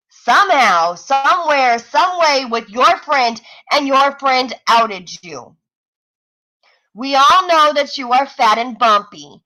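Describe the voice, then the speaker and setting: A high, bright-voiced woman hosts a livestream in a fiery, profane rant. She talks fast and mocks her target without pause. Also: lively intonation, low-quality recording. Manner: profane, mocking, fast-ranting. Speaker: livestream host. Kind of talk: heated live-stream commentary.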